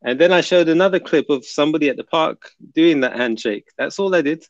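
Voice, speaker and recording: A man's voice: a little high, fairly quick, no echo. A man hosting a casual livestream, chatting and muttering to himself as he reads comments and sets up links. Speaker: livestream host. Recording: dull lo-fi dry sound.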